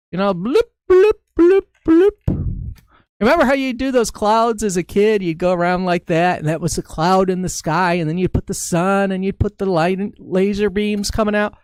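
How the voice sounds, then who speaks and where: A man's voice: high-pitched, clear, resonant tone, no room sound. A man casually talking viewers through drawing a face on a balloon in a live-stream tutorial, narrating each step as he goes. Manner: chatty, talks through each step as he draws.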